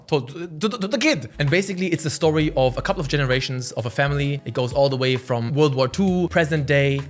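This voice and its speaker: A young man from Germany casually recommending books in a vlog, animated and slangy, with jokey asides. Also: medium pitch. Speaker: vlogger.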